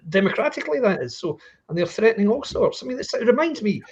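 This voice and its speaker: A man co-hosting a political podcast, talking in an indignant, animated way. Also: high-pitched, quick pace, husky, muffled recording. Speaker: podcast co-host. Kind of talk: casual political discussion.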